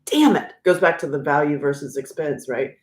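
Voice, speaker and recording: Woman, 50s, livestream host; low voice, rambling and chatty, echoey room. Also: fairly even intonation. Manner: rambling, chatty, quick to laugh. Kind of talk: casual livestream chat.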